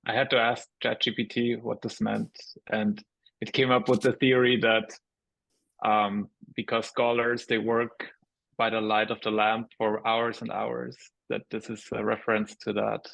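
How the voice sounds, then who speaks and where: A man reading a book passage and chatting on a podcast in a plain, even way. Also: fairly low pitch, measured pace, gravelly, dry recording, low-quality recording. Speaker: reader and guest. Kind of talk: reading aloud and casual chat.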